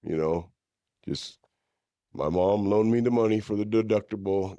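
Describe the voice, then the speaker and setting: A man's voice: moderate pace, warm tone, no echo, lo-fi sound. A middle-aged man from the East Bay, telling his own story as a podcast guest in a candid, conversational way. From East Bay, California. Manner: candid storyteller, drops into higher-pitched impressions of others. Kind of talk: conversational interview. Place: podcast studio.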